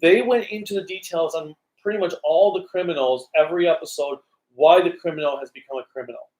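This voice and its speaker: Cohost picking apart a show, insistent, normal middle pitch. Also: quick pace, darkish tone. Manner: critical, insistent. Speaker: podcast co-host. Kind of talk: casual chat.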